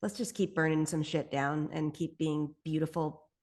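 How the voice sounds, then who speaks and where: A woman from Canada who works as a spiritual guide, speaking as a podcast guest. Her voice sits a little low. She talks earnestly and emphatically, circling back over her points with a casual swear here and there. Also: steady tone, moderate pace, darkish tone.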